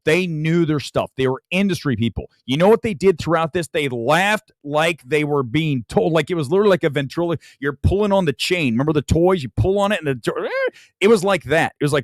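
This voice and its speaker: A man's voice: fairly high pitch, animated, a little fast, no room sound. A man hosting a live late-night movie talk show from home, ranting furiously and emphatically. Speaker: film critic host.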